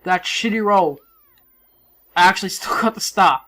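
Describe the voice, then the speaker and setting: A woman giving casual, self-mocking let's play commentary, swearing and moving around her mic so her level swings between yelling and mumbling. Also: medium pitch, moderate pace, faint music behind. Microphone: desk mic, moves around it while playing.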